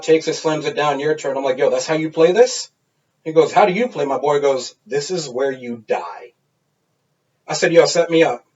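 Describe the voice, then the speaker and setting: A man in his thirties, a podcast co-host, telling a wild party story in a casual, animated and profane way. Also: fairly high pitch. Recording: dull lo-fi sound.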